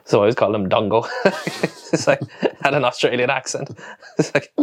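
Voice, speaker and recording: A man's voice: mid-range voice, normal speed. A young man, co-hosting a podcast, telling anecdotes in casual chat, laughing often and swearing. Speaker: podcast co-host.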